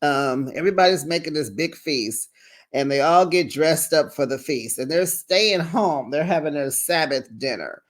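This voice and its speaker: A host recapping reality TV episodes in a chatty, sassy way, with drawn-out asides. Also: mid-range voice, expressive. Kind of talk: casual recap commentary.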